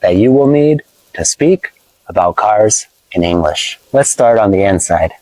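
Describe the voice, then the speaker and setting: A man's voice: lowish voice, expressive, darkish tone, no echo, low-quality recording. Playful American man teaching from a car. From United States. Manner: playful, teasing, explains slowly with repetition. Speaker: English teacher vlogger. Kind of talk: casual teaching vlog. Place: inside a parked car. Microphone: phone camera held by his wife.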